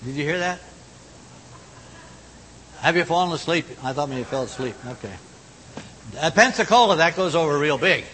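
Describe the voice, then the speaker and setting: A man preaching a sermon in a folksy manner, moving between loud exhortation and hushed, low tones. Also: lively intonation, moderate pace, pauses often. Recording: long hall reverb, faint rumble.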